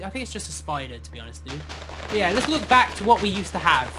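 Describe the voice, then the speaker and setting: High lively young man, sarcastic. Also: quick pace. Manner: playfully sarcastic, mock-offended. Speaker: gamer co-host. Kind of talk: casual gaming banter. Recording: game music behind.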